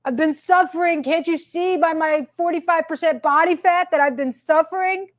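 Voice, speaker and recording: A woman's voice: very high voice, normal speed. A woman hosting her own commentary show, ranting with sarcasm and emphatic repetition. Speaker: commentary host.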